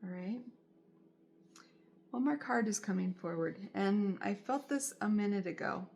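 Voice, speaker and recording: Woman, tarot reader, unhurried delivery, soothing, reassuring, repeats phrases, speaks to viewers. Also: mid-range voice, lively intonation, creaky, a little mellow. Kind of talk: spoken tarot reading to viewers.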